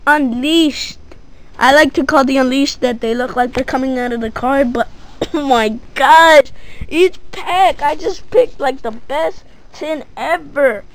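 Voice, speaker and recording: A woman casually narrating a card-opening video, gushing and excitable, reading off each find as she goes. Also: sits high. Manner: gushing, excitable, breaks into squeals; lists items slowly, thinking aloud.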